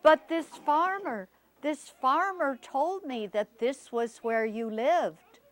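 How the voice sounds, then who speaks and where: A proud, wealthy man from a folktale, as a woman storyteller acts him out. He speaks loud and commanding, in slow, weighty phrases. The voice is fairly high for the part. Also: animated. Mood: questioning.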